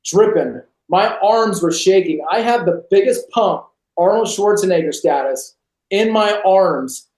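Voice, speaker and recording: A man from California, a podcast guest telling his personal testimony over a video call, lively and acting out scenes. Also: high-pitched. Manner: animated storyteller, acts out scenes. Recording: roomy echo.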